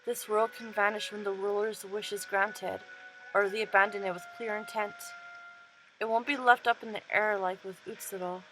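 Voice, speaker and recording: Woman reading as a calm solemn mirror-world spirit. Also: mid-range voice, normal speed, faint music behind, close to an everyday voice, rough recording.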